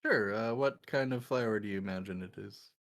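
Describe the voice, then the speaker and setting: A young man narrating as dungeon master in a casual tabletop game, halting and full of fillers. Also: on the low side, a bit bright.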